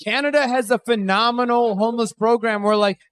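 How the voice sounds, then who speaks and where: A man's voice: very high-pitched, fairly even intonation, a little fast, a bit bright. A man hosting a live podcast at a bar, a stand-up comic bantering and swearing in a rambling, jokey way.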